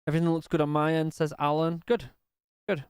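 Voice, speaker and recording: A man's voice: on the high side, level tone, a little fast, darkish tone, clear, resonant tone, dry recording. A young man chatting casually on a live stream, reading viewer comments and swearing now and then. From United Kingdom.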